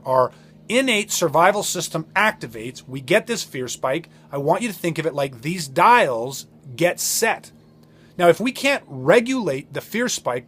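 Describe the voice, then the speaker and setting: A man hosting a podcast, talking in an earnest, emphatic way, often repeating words as he explains. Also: a little high. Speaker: podcast host. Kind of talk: motivational podcast talk.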